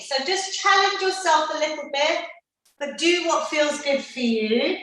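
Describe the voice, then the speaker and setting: A woman's voice: high voice, sharp tone. A woman fitness instructor leading a live online seniors' workout class, encouraging everyone and counting down the reps. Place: indoor room, live video class. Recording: very echoey room, voice far from the mic.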